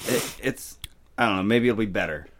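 A man's voice: fairly low pitch, brisk, fairly bright tone. A man co-hosting a podcast in casual chat, joking around, swearing and laughing a lot. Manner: profane, joking, laughs often. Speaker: podcast co-host.

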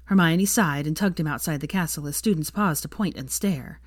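A woman narrating fan fiction in an expressive storybook reading. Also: low voice, normal speed, hardly any pauses, dry recording, clean studio sound. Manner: expressive, shifts voices for characters.

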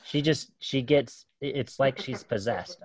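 A man's voice: mid-range voice, unhurried. A man in his thirties casually telling a story about his kids, rambling with lots of fillers and restarts and laughing often.

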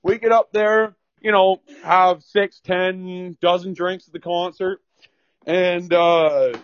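Young guy, higher voice, swears constantly, rambling storyteller, dry close sound, slightly dull audio. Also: little pitch movement, slow, dry recording. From Ontario, Canada. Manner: profane, rambling, laughing. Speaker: guest telling a story. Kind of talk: casual storytelling.

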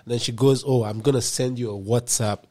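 A young man from Nigeria, a podcast guest telling a story in casual chat, swinging between loud outbursts and low muttered asides. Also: fairly even intonation, a little fast.

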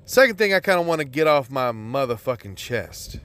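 A man's voice: medium pitch, very animated, brisk, a bit bright. A man hosting his own podcast, ranting in an exasperated, rambling way with constant swearing and lots of fillers. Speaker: podcast host. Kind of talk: profane solo podcast rant.

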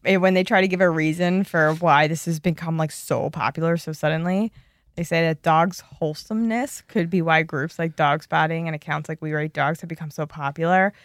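A woman's voice: low-pitched, a little fast, no room sound, studio quality. A young woman co-hosting a casual chat, reading from an article with easy fillers and asides. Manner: relaxed, reads notes with fillers. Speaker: podcast co-host.

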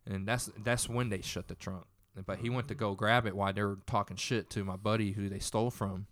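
A man's voice: lowish voice, steady tone, a little fast, a bit bright, no room sound, studio quality. A young man casually retelling a tense story in a profane, rambling way.

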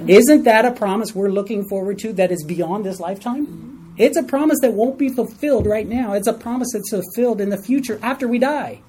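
A man's voice: sits high, warm tone, slightly rough, rough recording. A man leading a Bible study lesson for a small group in a room, stressing key words and asking the group questions.

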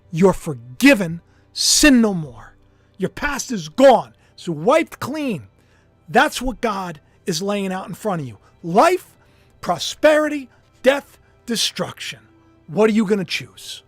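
A man hosting a podcast from home, preaching scripture fervently and slowing down hard on key words. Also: high-pitched, no room sound. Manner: fervent, slows down hard for emphasis. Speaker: podcast host.

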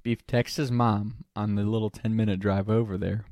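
A man's voice: fairly low pitch, flat delivery, moderate pace, darkish tone, no room sound, clean studio sound. A young man casually telling a funny story, laughing often and swearing freely.

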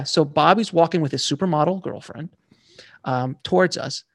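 A man telling animated, slangy stories as an author guest in a casual interview. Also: on the high side, normal speed, gravelly, no room sound, studio quality.

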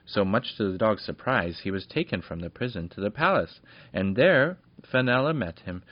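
A man's voice: fairly low pitch, expressive, normal speed, dry recording. A man reading a children's story aloud in a homely way, adding little asides to the listener, on a dull lo-fi recording.

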